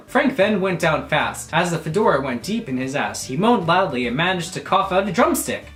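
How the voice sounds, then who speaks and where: A young man and YouTuber reading aloud for laughs, animated and crude, breaking off for mock-offended jokes. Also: fairly high pitch, normal speed, reverberant. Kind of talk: comedic reading aloud with asides.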